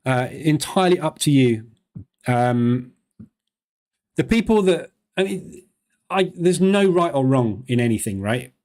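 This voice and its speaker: A man hosting a live trading stream, talking fast in a chatty, loose way with plenty of fillers. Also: medium pitch, lively intonation, darkish tone.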